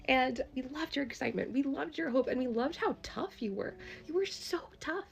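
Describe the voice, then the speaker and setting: A woman's voice: high voice, brisk, gravelly, soft background music. A woman making an impassioned, emotional direct-to-camera plea as a social media creator, laughing through tears.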